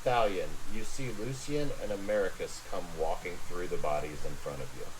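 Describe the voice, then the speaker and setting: A man's voice: sits low, brisk, crowd noise, rough recording. A man acting as game master, setting scenes in a tabletop role-playing game with dramatic narration.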